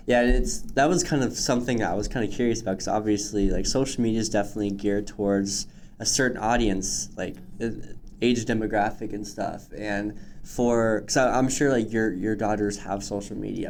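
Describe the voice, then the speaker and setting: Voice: medium pitch, steady tone, a little fast, a little mellow, a little hiss or hum. A podcast host in casual conversation, mostly giving short encouraging responses and asking a follow-up question. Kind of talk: casual interview chat.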